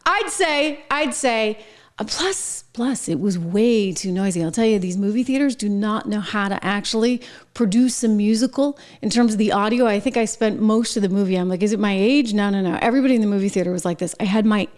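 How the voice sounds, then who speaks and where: A woman's voice: medium pitch, fairly quick, darkish tone. A middle-aged woman hosting her own show, giving chatty political commentary with wry asides and frequent laughs. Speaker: show host.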